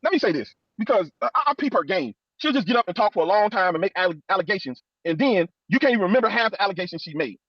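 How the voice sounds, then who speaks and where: Male guest, very high pitch, blunt and profane, dry lo-fi audio. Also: animated, quick pace, hardly any pauses, dry recording. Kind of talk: heated livestream argument.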